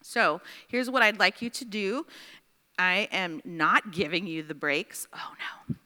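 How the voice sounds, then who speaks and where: A woman's voice: lowish voice, measured pace, sharp tone, in a large hall. A woman teaching a Bible study class in a chatty way, often checking in with her students.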